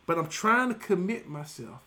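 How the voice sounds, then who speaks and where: A middle-aged man, preaching a lively sermon as pastor, tossing questions back to the congregation. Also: high-pitched, moderate pace.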